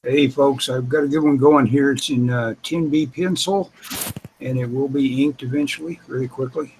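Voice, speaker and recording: A man taking part as a guest artist on a live drawing stream, talking in a rambling, halting way. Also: mid-range voice, steady tone, darkish tone, slight background noise, low-quality recording. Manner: rambling, halting, searches for words. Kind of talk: casual livestream chat.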